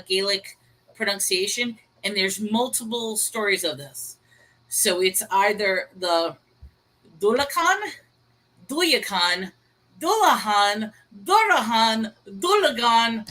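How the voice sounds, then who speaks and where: A woman's voice: medium pitch, pushed and bright, rough recording. A woman co-hosting a casual livestream discussion, chatty and laughing at her own pronunciation. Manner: chatty, self-deprecating about pronunciation; reads viewer chat aloud and greets viewers.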